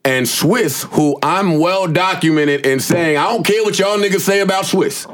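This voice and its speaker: A man hosting a podcast, telling stories with lots of animated quoting and profanity in casual chat. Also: sits high, normal speed. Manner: animated storytelling, acting out quotes, profane. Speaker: podcast host.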